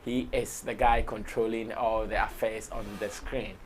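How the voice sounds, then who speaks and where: A man with a Ghanaian accent hosting a live entertainment talk show, his voice hoarse, talking in an excitable, expressive way and laughing often. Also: on the low side, moderate pace, soft background music. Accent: Ghanaian English. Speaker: show host.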